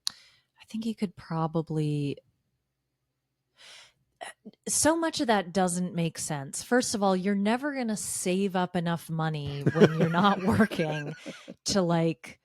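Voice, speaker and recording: A woman co-hosting a podcast, recapping a reality show with dry, deadpan sarcasm. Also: fairly low pitch, slow pace, dry recording. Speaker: podcast co-host. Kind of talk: casual recap chat.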